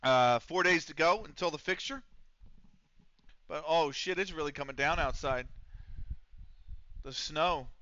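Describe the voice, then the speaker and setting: A man with a bright, crisp, slightly high voice rambles casually while live-streaming a football management game, loose in manner and packing his talk with ums and throwaway swearing. The audio is close and dry with no room sound, though somewhat dull and lo-fi.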